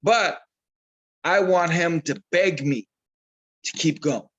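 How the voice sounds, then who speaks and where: Man, boxing trainer, slightly high voice, chatty storyteller who repeats himself. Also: slow pace, slightly rough, muffled recording. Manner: animated storyteller, repeats himself, acts out quotes. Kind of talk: casual interview talk.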